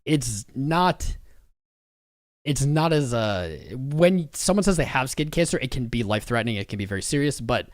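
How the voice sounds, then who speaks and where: A man's voice: medium pitch, expressive, normal speed, no echo, studio quality. A man hosting a live stream, chatting casually with viewers in a rambling, frank, joking way. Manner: rambling, talks to chat viewers.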